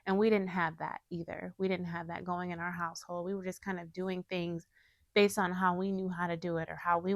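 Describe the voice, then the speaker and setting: A woman's voice: fairly low pitch, fairly bright tone, no echo. A woman giving a heartfelt, chatty personal testimony about faith and family to her viewers. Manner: earnest, heartfelt, chatty with many fillers. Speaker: faith vlogger sharing a testimony. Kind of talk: casual personal testimony to camera.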